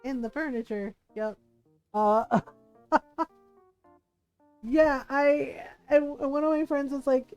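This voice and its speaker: Animated high-voiced woman streamer. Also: slow, long pauses, faint music behind. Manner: animated, laughing, acting out quoted friends. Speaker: variety streamer. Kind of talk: casual live-stream chat.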